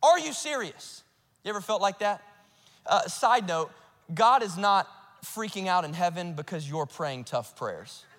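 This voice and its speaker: A male pastor preaching a sermon, swinging between urgent outbursts and hushed, earnest asides. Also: high voice, big-room sound. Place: church auditorium.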